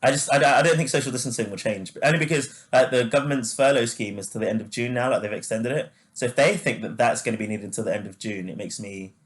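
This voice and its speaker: A man's voice: medium pitch, fast, few pauses. Chatty laughing male podcast co-host. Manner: chatty, laughs easily, many fillers. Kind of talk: casual chat.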